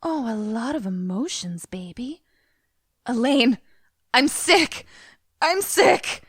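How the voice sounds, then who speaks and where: A woman's voice: a little high, very animated, takes it slowly, husky, no room sound, studio quality, pitched above the performer's own voice, heavily acted. A woman voicing a whiny, weepy grown man who sobs over his feelings. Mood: sobbing. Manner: sobbing, overwrought.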